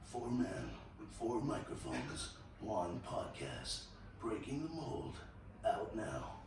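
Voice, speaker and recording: A man doing a slow, dramatic mock trailer voice-over for a podcast. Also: fairly low pitch, very animated, vocal fry. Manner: slow, dramatic announcer delivery. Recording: very echoey room, distant mic, noisy.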